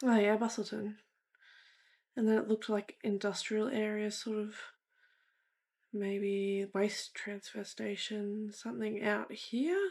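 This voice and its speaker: Chatty woman with a gravelly voice. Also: mid-range voice, little pitch movement, slow, darkish tone. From Australia. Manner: chatty, thinking aloud, self-deprecating. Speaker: game streamer. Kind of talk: casual gameplay commentary.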